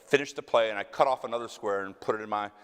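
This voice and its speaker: This actor, a Texan-accented man from West Texas, fields audience questions from a theater stage in a relaxed storytelling Q&A, with long hall reverb around him. His voice is fairly low, smooth and fairly bright, and he talks rapid-fire, mocking himself and imitating the voices he quotes.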